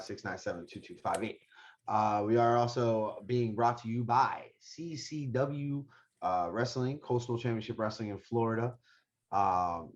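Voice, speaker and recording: A man hosting a casual wrestling podcast, reading sponsor spots loosely with fillers. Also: on the low side. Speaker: podcast host.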